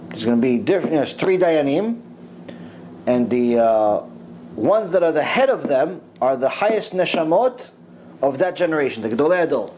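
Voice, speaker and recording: Brief middle-aged rabbi, fairly high voice for a man, lively storytelling in a Torah lecture, a faint hiss behind him. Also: normal speed, poor audio. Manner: animated storytelling, mixing in Hebrew religious terms.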